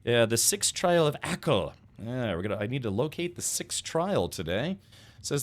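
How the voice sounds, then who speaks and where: A man's voice: lowish voice, very animated, a little fast. A man streaming a video game, chatting casually and rambling with many restarts and self-corrections. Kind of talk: casual gameplay chat.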